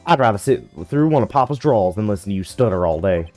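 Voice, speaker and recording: A man voicing a brash, feisty young woman photographer with a put-on American Southern drawl, loud and sassy. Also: lowish voice, expressive, fast, soft background music, lightly acted.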